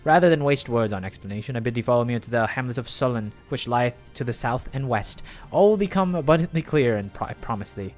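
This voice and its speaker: A man reading aloud as a solemn game ally who speaks in stiff, old-fashioned phrasing, pitched a little lower than everyday talk. The delivery is measured and formal, with a lively rise and fall, and faint music sits behind it. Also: natural voice.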